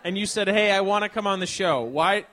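A male host running a comedy sketch interview with a high, bright voice. He plays it mock-serious, repeating his guests' absurd answers back to them. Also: brisk.

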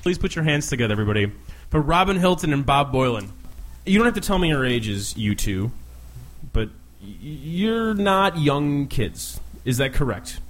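Excitable high-voiced young man, comic host. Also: normal speed. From American Midwest. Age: 20s. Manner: excitable, profane, self-mocking. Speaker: live podcast host. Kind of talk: rambling comic monologue.

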